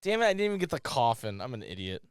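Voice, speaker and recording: Excitable man narrating his gameplay. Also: medium pitch, racing, slight background noise. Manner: excitable, swears freely, bursts into loud yelps; rambling, jokey asides. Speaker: gaming channel host. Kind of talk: playthrough commentary.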